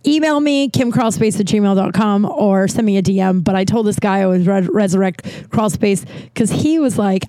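A woman's voice: mid-range voice, dry recording. Chatty woman podcaster, dry close sound. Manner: animated, laughing, acts out quoted voices. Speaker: podcast host. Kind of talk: casual solo podcast storytelling.

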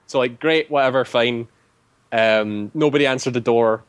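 A man's voice: medium pitch, moderate pace, smooth, dry recording. A man casually recounting a tabletop game session, rambling with many filler words. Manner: rambling, heavy use of "like" fillers. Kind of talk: casual storytelling.

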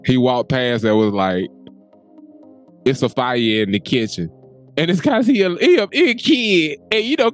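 A young adult man co-hosting a podcast, telling animated stories in casual chat, laughing often and swearing freely. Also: medium pitch. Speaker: podcast co-host.

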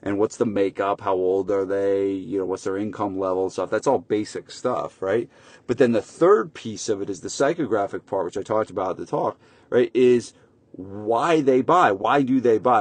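A man's voice: fairly low pitch, darkish tone, no room sound. A man hosting a casual solo podcast as a gym marketing coach, talking emphatically, repeating his points and often adding tag questions.

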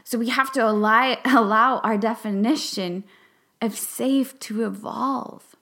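A young adult woman talks slowly through a reflective podcast monologue in a fairly high voice. She speaks earnestly and haltingly, with emotion close to the surface, and now and then sinks into a whisper to stress a point. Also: fairly even intonation, sharp tone. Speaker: podcast host and class facilitator.

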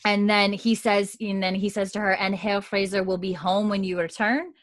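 A young woman casually recapping a TV episode, laughing often and slipping into quick voices for the characters. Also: mid-range voice, no room sound. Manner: animated, laughing, acts out characters' lines in quick put-on voices. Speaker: podcast host recapping a TV episode. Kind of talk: casual chat.

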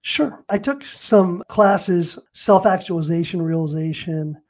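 His voice is high and darkish, the pace a bit slow. He's a fifty-something real estate agent and coach from Los Angeles, recounting stories in an interview and performing the phone calls and quotes within them.

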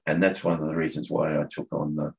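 A man with an Australian accent, talking casually as a podcast guest, halting and restarting often as he searches for words. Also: rumbling low, flat delivery, a little mellow, poor audio. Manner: halting, with many restarts and fillers. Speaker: coffee catch-up organiser, podcast guest. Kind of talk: casual conversation.

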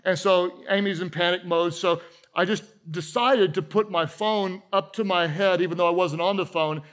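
High-voiced man preaching a lively sermon. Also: moderate pace. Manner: animated storytelling with audience asides and humor. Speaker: pastor. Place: church auditorium with a live congregation.

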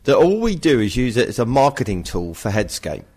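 A middle-aged man chats as a podcast co-host. His husky voice swoops up and down a lot, and he drifts between casual advice and playful, self-mocking rants. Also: mid-range voice, sing-song, brisk, darkish tone.

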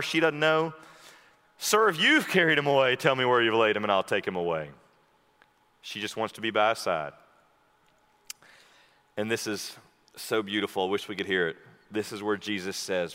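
Bright-voiced preacher in an echoing hall. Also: male voice. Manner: swings from hushed, slow passages to loud, high-pitched, fervent preaching. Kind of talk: sermon. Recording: long hall reverb.

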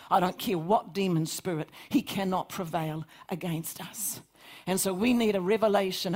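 A woman's voice: on the low side, darkish tone. A woman pastor preaching a fervent Sunday sermon, rising to emphatic peaks. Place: church service.

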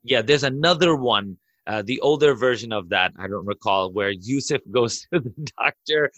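A man, an imam, telling a dramatic story on a podcast, excitable and laughing as he goes. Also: mid-range voice, no room sound, lo-fi sound. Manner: excitable, laughs through his story, rushes in bursts. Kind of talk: animated storytelling in a podcast chat.

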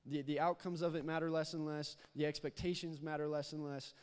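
A man's voice: on the high side, flat delivery, a little fast, smooth. A young man preaching a casual sermon as a youth pastor in a church, often repeating words and prompting the congregation to answer back. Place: church sanctuary. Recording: long hall reverb.

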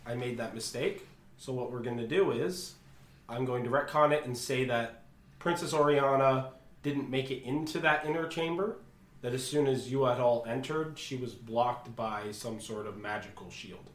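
A man's voice: mid-range voice, moderate pace, reverberant. A man narrating as dungeon master of a tabletop game, chatty and jokey. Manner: chatty, jokey, switches into character voices.

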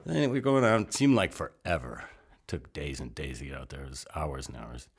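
A rambling older American man with a very low, deep voice spins loose, salty yarns as a guest. He jumps between asides and restarts, acting out the people in his stories. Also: brisk, breathy edge. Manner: rambling, animated storyteller, salty language. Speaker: interview guest. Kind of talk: casual storytelling.

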